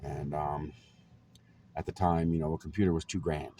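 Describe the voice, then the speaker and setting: A man in his forties with a very low voice tells personal stories in a relaxed, rambling vlog. His talk is loose, full of ums and small chuckles, with a faint hiss of noise behind him. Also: normal speed. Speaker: vlogger. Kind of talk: casual storytelling to camera.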